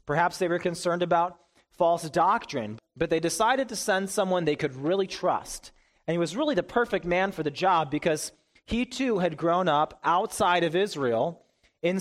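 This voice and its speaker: A man preaching a sermon, telling the story in a conversational, animated way and acting out the quoted voices. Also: on the high side. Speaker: pastor.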